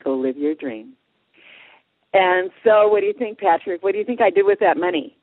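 A woman guest in a radio interview, telling a story in a lively way and acting out what people said. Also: mid-range voice, quick pace, dry recording. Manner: animated storyteller, acts out quotes. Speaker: guest, passion coach. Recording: dry tinny phone line.

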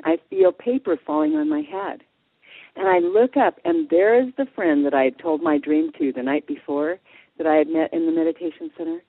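A woman guest in a radio interview, telling a story in a lively way and acting out what people said. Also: lowish voice, vocal fry, breathy edge, dry recording. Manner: animated storyteller, acts out quotes. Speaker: guest, passion coach. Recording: dry tinny phone line.

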